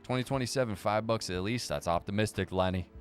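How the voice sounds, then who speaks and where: Low-voiced male streamer, loose and profane, riffing on chat with faint background music. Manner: profane, sarcastic, fast banter. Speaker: livestream host reading viewer chat. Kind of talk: casual live chat.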